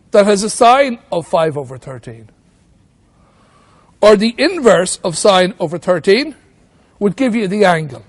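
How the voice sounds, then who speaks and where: A man teaching maths at a whiteboard, walking through each step and asking himself questions as he goes. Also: high voice. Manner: talks through steps with rhetorical questions. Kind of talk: whiteboard lesson.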